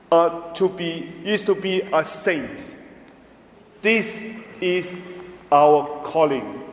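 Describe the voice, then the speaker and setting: A priest preaching a homily, his voice fairly high for a man and very slow. He pauses often and leans on his words. The sound rings in a large church with a long reverb. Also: slight background noise. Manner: slow, emphatic, pausing often, non-native phrasing. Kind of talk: homily at Mass.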